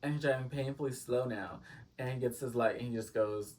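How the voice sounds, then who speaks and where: A storytime vlogger with a medium-pitched, slightly mellow voice talks fairly quickly, recorded from a distant mic. He rambles through a casual story with lots of fillers and dramatic asides to his viewers.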